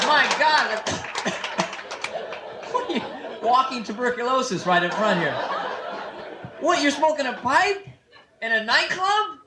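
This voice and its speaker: A man in his twenties doing a loose stand-up set in a comedy club, teasing the audience and slipping into quick voices. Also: very high-pitched, sing-song. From San Francisco. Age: 20s. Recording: echoey club room with audience noise. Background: audience laughter.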